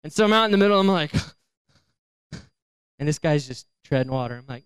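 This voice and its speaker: A young man giving a storytelling sermon, lively, acting out voices and laughing as he goes. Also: on the high side, normal speed, long pauses, clear, resonant tone, no echo. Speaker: youth speaker.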